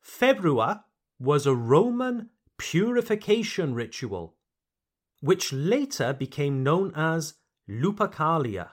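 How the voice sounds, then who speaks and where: A man's voice: on the high side, big pitch swings, takes it slowly. A man, a native English speaker, hosting a podcast pronunciation lesson, speaking carefully and repeating words for learners. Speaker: English teacher and podcast host.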